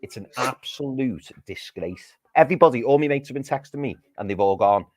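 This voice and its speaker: In a dry recording, a man with a medium-pitched, darkish voice speaks animatedly and a little fast. He's a football podcast co-host raging after a match on a livestream from his living room, cursing and repeating himself to drive his points home during heated post-match fan talk.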